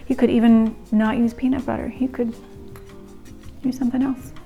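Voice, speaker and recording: Young woman vlogging in her kitchen, kinda high voice, giggly and rambly, faint music under it. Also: level tone, normal speed, mellow. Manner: chatty, giggly, rambling asides. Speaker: home cook vlogger. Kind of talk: casual cooking vlog.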